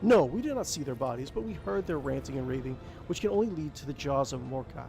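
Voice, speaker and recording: A man's voice: medium pitch, animated, fast, gravelly, darkish tone, faint music behind. A man voicing a hot-headed young male space-wolf warrior, threatening and clipped.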